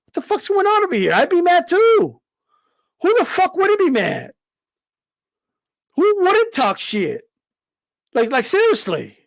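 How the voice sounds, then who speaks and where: A man's voice: extremely high pitch, wildly swooping pitch, unhurried, creaky, long pauses. A man, a boxing commentator, ranting heatedly, full of swearing, with emphatic repeated "all right?" checks. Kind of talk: heated rant.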